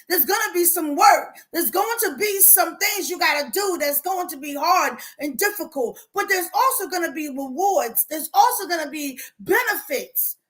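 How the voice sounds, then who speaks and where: A woman life coach speaking on a livestream to her viewers, animated and preachy. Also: high-pitched. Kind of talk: livestream motivational talk.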